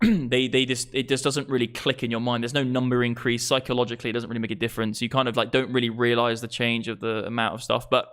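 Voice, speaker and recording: A man of about thirty, ranting on a live stream. His voice sits at an ordinary middle pitch, and he talks in a blunt, exasperated way, swearing freely and mocking the ideas he argues against. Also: level tone, quick pace, fairly bright tone, smooth. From England. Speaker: crypto streamer.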